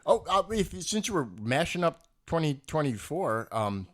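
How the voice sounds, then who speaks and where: Man, casual podcast chat, lively up-and-down voice, laughs a lot. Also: on the high side, normal speed. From New York. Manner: animated storyteller, slips into put-on accents, laughs often. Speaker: podcast co-host.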